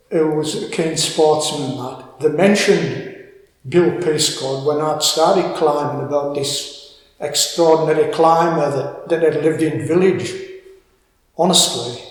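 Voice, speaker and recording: Older Cumbrian man in an echoey room. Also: a little high. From Cumbria, England. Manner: rambling, halting with repeated words. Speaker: interviewee. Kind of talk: storytelling interview. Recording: echoey room with long reverb.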